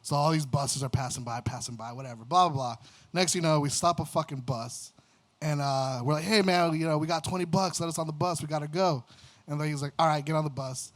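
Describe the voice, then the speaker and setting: A band member casually telling a story on a livestream, laughing often, swearing, and quoting what people said. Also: male voice, fairly high pitch, a little fast. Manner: laughing, profane, quotes others.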